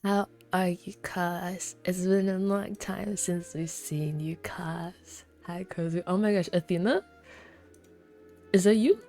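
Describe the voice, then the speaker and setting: Chatty young woman streamer, mellow voice. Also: fairly low pitch, takes it slowly, soft background music. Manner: chatty, excitable, swears freely, greets viewers by name. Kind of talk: casual chat with stream viewers.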